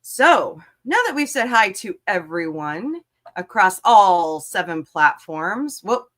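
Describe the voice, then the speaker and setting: A woman's voice: medium pitch, sing-song, slow pace, fairly bright tone. A woman hosting a casual livestream talk show, joking around and greeting her viewers by name.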